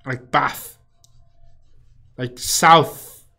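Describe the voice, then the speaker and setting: A man's voice: medium pitch, steady tone, extremely slow, creaky, pushed and bright. A young man live-streaming a game, rambling casually, swearing freely and muttering or humming to himself as he plays. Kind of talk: casual live-stream chat while playing.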